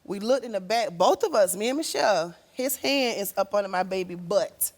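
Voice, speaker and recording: A woman talk show guest, telling an emotional story and acting out quotes with sudden loud, high outbursts. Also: animated, normal speed.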